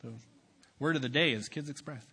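A young male youth pastor with a bright, forceful voice delivers a sermon. He shifts from low, offhand asides to loud, fervent preaching. His pitch sits in the middle range for a man. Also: fairly quick, slightly rough.

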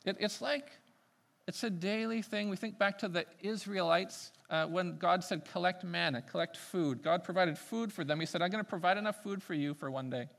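A man preaching a sermon, swinging between loud emphatic peaks and quiet asides. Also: sits high, moderate pace, vocal fry.

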